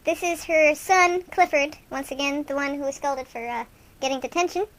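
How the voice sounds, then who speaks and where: A woman's voice: high voice, normal speed. A woman hosting an improvised comic radio show, playing two goofy young male rock-fan buddies in rambling, self-mocking banter.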